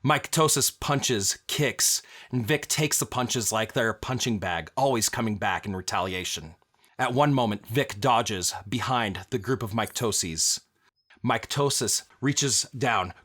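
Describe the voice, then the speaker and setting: A man running a tabletop game as game master, narrating the action lively and chuckling often. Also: medium pitch, unhurried. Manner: lively narration, breaks into laughs.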